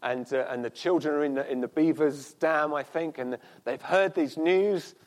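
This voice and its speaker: A man preaching a sermon at a church service, earnest, with pauses and slow, emphatic repeats. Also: on the high side.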